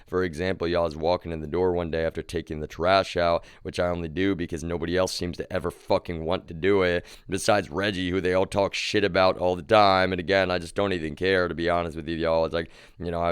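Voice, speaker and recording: Low, smooth-voiced man ranting on stream. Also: no echo, studio quality. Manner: agitated, profane, repeats "y'all" and "like". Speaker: live streamer. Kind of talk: rambling live-stream rant. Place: home.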